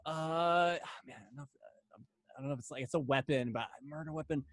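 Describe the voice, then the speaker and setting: A man's voice: on the high side, fast talker, dry recording. A man co-hosting a podcast in casual chat, easygoing, laughing between remarks and using loose fillers. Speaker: podcast co-host.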